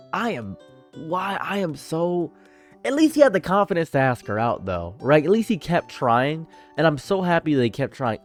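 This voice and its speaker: Male reaction streamer, lowish voice, animated ranting commentary, faint background music. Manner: animated, ranting, swings from loud outbursts to low murmurs. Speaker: reaction streamer reading a forum story. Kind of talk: casual commentary.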